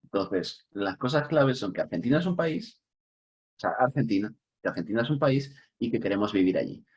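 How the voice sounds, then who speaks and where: Man, English teacher, online class, chatty, upbeat, stresses key words, low voice, muffled video call sound. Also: animated, quick pace, darkish tone, husky. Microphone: computer mic on a video call.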